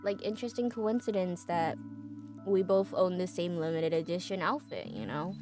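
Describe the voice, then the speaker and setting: A woman voicing a composed rich woman CEO who speaks calmly and knowingly. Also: fairly low pitch, normal speed, music in the background, natural voice.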